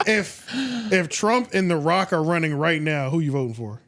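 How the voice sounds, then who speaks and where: A man co-hosting a podcast, casual and quick to push back in a debate. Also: on the high side, lively intonation, a bit bright, no echo, studio quality. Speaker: podcast co-host. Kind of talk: casual chat.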